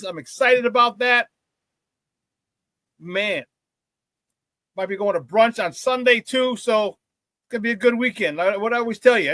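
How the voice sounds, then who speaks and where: The clip is a dry recording of a man with a high voice hosting a morning sports talk show, full of hype-man energy as he chats casually, welcomes viewers, and shouts out the chat.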